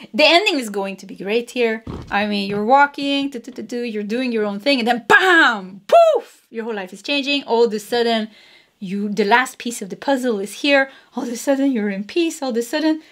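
Woman, tarot reader, chatty, laughs a lot, slightly high voice. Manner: chatty, laughs often, repeats phrases. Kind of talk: casual pick-a-card tarot reading.

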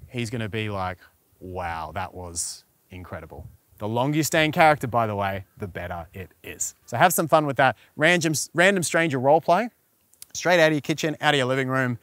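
A man's voice: medium pitch, animated, fairly quick, fairly bright tone, no room sound. A man hosting a relationship advice vlog, frank and coaching, often checking in with the viewer. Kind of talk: direct-to-camera advice vlog.

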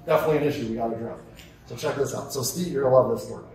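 Fast-talking man in an echoey hall. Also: medium pitch. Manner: energetic, conversational, asks rhetorical questions. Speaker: keynote speaker. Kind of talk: conference keynote with stories. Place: large conference hall. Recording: echoey hall, distant mic.

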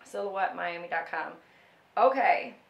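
A woman's voice: on the low side, expressive, unhurried, vocal fry, reverberant, dull audio. A young woman vlogger telling a personal story in a casual, emotional, rambling way, full of "like" and restarts.

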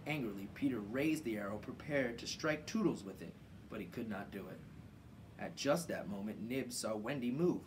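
A man reading a children's book aloud in an informal, relaxed way, from his home garage workshop. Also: fairly low pitch, normal speed, recorded from a distance, slight background noise, poor audio. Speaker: children's story reader.

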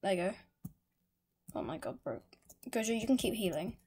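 A woman giving live gameplay commentary, excitable and exasperated, ranting at the game. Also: medium pitch, moderate pace, slightly rough. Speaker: gamer. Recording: loud game music behind the voice. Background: loud game music.

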